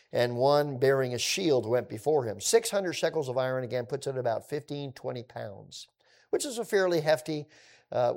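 A man teaching through a scripture passage in a conversational way, with relaxed asides. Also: medium pitch.

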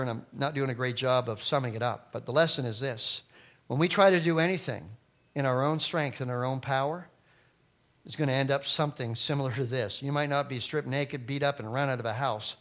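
A middle-aged man preaching a sermon as pastor, emphatic, with loud stressed phrases and quiet low asides.

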